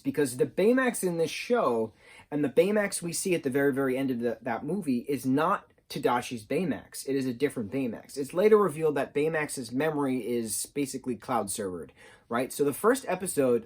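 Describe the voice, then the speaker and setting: An eager man talks through a show he loves in a loose, rambling review. He trips over his words, corrects himself and piles on fillers. His voice sits at an ordinary middle pitch. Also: a little mellow. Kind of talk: casual review monologue.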